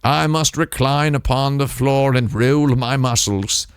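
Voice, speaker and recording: A man voicing a lofty, self-absorbed young woman who speaks in a slow, affected, wistful way, close to a dynamic microphone. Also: mid-range voice, clear, resonant tone, no echo, close to an everyday voice.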